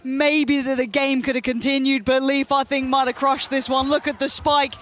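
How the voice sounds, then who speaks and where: A man casting a tournament match as play-by-play commentator, talking fast and rising to shouts at big plays. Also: very high voice, little pitch movement, slight background noise. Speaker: esports caster.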